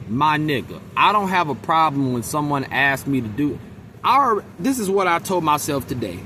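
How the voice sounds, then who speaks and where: A man's voice: mid-range voice, animated, moderate pace, sharp tone, a little hiss or hum. A man venting in a casual monologue to camera, blunt and profane, mimicking his coworkers. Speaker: vlogger.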